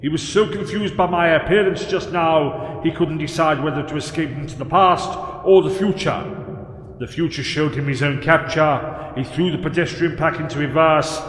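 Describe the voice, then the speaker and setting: A man's voice: fairly high pitch, normal speed, a bit bright, echoey room, big-room sound, natural voice. A man voicing a brash, confident male Time Lord in an audio story, in a theatrical, boastful way.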